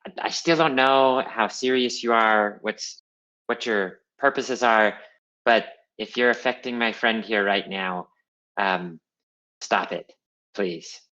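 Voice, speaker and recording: Man, tabletop player, deep voice, bright tone, hesitant and earnest. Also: measured pace, highs cut off. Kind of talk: in-character tabletop role-play.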